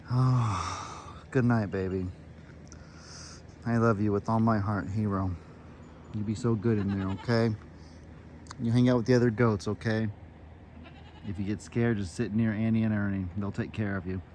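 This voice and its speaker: A man speaks softly and tenderly to his young goat as he says good night. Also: on the low side, fairly even intonation, moderate pace, long pauses, a little hiss or hum. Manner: soft, tender baby talk to an animal. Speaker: farm vlogger. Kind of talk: casual vlog.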